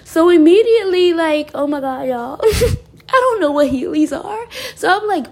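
A bubbly woman vlogger talks straight to her viewers in a high voice with a gravelly edge. She laughs often through her stories and slips into soft, breathy asides. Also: lively intonation, moderate pace. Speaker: wellness vlogger. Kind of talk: casual chat to viewers.

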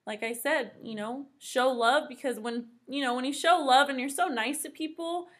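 This woman is a podcast guest who talks in earnest, heartfelt stretches. Her voice sits high for a woman. She sounds sincere and casual, like she is chatting with a friend. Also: normal speed.

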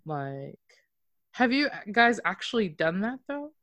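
A woman's voice: mid-range voice, big pitch swings, slow, fairly bright tone, dry recording. A woman co-hosting a casual podcast, rambling with lots of filler words. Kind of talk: casual chat.

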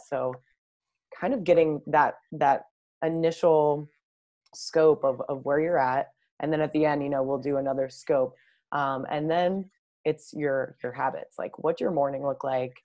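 A woman with a notably low voice talks as a guest on a podcast. She explains her coaching in a friendly, rambling way, full of fillers and restarts. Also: normal speed, darkish tone. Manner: friendly, talkative, with frequent fillers. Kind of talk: casual podcast interview.

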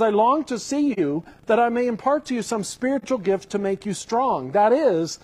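A male pastor giving a sermon, reading scripture aloud and explaining it with animated enthusiasm. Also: sits high, slightly rough, poor audio.

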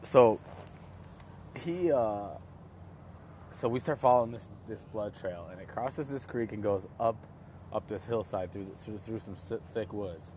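A young man casually telling a story, rambling and excitable, with many restarts and fillers. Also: lowish voice, unhurried, a little hiss or hum.

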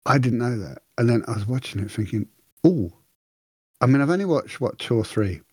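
Husky man, rambling podcast chat. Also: medium pitch, fast, a little mellow, dry recording, studio quality. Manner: rambling, self-mocking, acts out his own thoughts. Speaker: podcast co-host. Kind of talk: casual chat.

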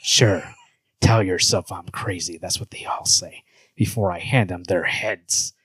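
A gruff, brooding superhero taunting his rival, as a man reads him out in a low growl. The delivery is slow, deep and deliberate, recorded dry and close with lively swings in pitch. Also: no room sound, exaggerated voice. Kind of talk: reading comic dialogue aloud.

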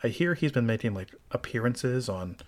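A man hosting a casual podcast chat, measured and wry with a dry sense of humor. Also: mid-range voice, animated. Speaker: podcast host.

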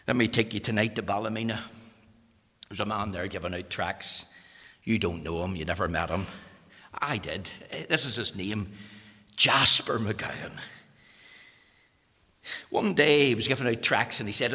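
Brief: Northern Irish preacher, fervent, gravelly and bright, long church reverb. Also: male voice, lowish voice, normal speed, pauses often. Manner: impassioned, swings from loud urgency to hushed intensity. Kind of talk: sermon.

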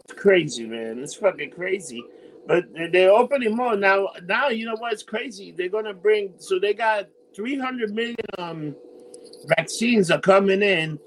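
Man, high voice, animated, profane, casual chat, faint background hiss. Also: measured pace, low-quality recording. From New York. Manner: animated, profane, says "dude" a lot.

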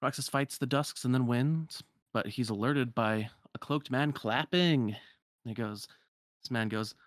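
A man's voice: medium pitch, unhurried, no room sound, studio quality. A man casually retelling a video game's story in a loose, filler-heavy way, briefly putting on voices for the characters. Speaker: game recapper. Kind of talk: casual video game recap.

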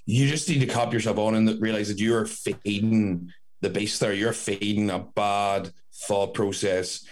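Rambling low-voiced man. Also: fairly even intonation, a little slow. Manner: rambling, self-correcting, blunt and sweary. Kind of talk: casual chat.

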